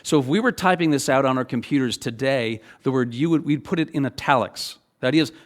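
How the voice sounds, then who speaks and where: A middle-aged man preaching a sermon as pastor, talking in a loose, animated, conversational way and often checking in with "okay?". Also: medium pitch, a little fast.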